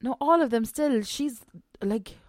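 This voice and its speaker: A woman's voice: fairly high pitch, unhurried, a little mellow, dry recording, studio quality. A woman co-hosting a podcast, chatting casually about a reality show, agreeable and full of filler phrases. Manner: chatty, agreeable, frequent "like" and "do you know what I mean". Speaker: podcast co-host.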